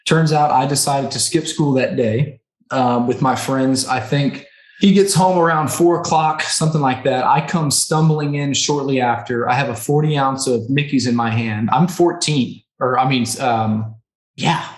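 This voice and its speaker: A man in his thirties speaks as a podcast guest, earnest and emotional as he recounts his own past. He keeps checking in with his listener with little "right?" and "okay?" tags. His voice sits at an ordinary middle pitch and rings a little in a roomy space. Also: moderate pace. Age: 30s. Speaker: podcast guest, recovery center co-owner. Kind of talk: personal storytelling in a conversation. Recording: roomy echo on the voice.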